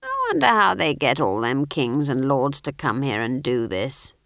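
A woman's voice: very deep voice, big pitch swings, moderate pace, vocal fry, a bit bright, dry recording, clean studio sound, exaggerated voice. A woman voicing a stern, formidable old witch who talks bluntly and grimly in an audiobook. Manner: blunt, grim and commanding. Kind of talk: audiobook character voice.

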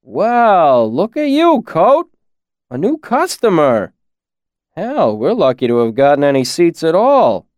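A man's voice: medium pitch, big pitch swings, a little fast, hardly any pauses, dark tone, dry recording, close to an everyday voice. A man voicing a jovial male villager at an inn bar who teases the innkeeper. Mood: hearty. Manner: hearty, chuckling.

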